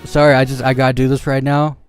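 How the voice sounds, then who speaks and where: A man's voice: medium pitch, little pitch movement, quick pace, soft background music. A man streaming a game live, chatting casually and shrugging off criticism with a laugh. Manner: casual and dismissive, laughing things off.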